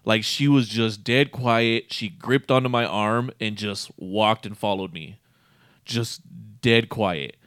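A man's voice: lowish voice, slow, no echo, studio quality. A man casually telling a rambling, profane story, often breaking into laughter. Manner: profane, laughing, animated retelling.

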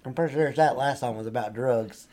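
A man's voice: medium pitch, a little fast, darkish tone. A man trading crude, boastful banter and cussing often between lines. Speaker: backyard singer. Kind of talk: comedic redneck banter and bad singing.

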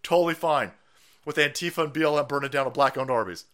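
A man's voice: on the high side, fast, fairly bright tone. A man hosting a livestream, ranting in a profane, sarcastic, mocking manner. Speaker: streamer host.

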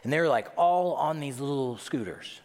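Middle-aged male pastor, animated storyteller, reverb of a large hall. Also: mid-range voice, moderate pace. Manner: animated storytelling, self-deprecating humor. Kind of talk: sermon.

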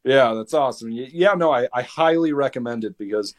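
A man's voice: medium pitch, brisk. Heated teenage guy telling a story. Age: teens. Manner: heated, animated retelling with many restarts. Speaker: podcast guest. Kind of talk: casual storytelling.

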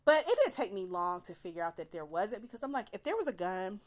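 Animated woman telling a wild story. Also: mid-range voice, fast. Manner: animated, profane, laughing through her words. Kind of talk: casual personal storytelling.

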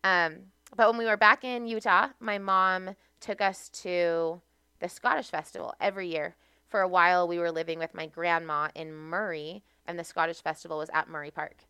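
A woman's voice: lowish voice, fairly even intonation, normal speed, sharp tone, clean tone, no room sound. A young American woman, a podcast guest, telling stories from her life in a chatty way and laughing often. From United States. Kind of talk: casual podcast conversation.

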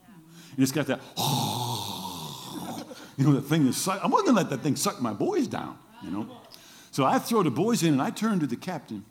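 A man's voice: normal speed, gravelly. A middle-aged man, a pastor preaching a sermon and telling a story, who acts out the voices he quotes. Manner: animated storytelling, acts out quoted voices with big pitch jumps.

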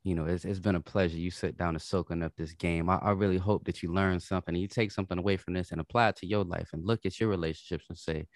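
A man with a fairly low voice co-hosting a podcast. He rambles like a preacher, full of profanity and life advice. The sound is dry and close. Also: fairly even intonation, fast talker, hardly any pauses, no room sound. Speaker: podcast co-host and stand-up comic. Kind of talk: casual chat.

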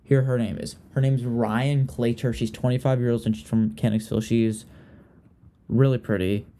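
Young guy from virginia gossiping on a podcast, dark mellow voice, keeps restarting his sentences. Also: medium pitch, fairly even intonation, normal speed. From Richmond, Virginia. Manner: chatty and gossipy, trailing off and restarting. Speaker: podcast host. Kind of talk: casual chat.

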